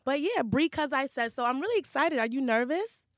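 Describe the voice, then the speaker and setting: A woman's voice: high voice, expressive, a little fast, dry recording. Upbeat woman podcast host, dry sound. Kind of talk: casual chat.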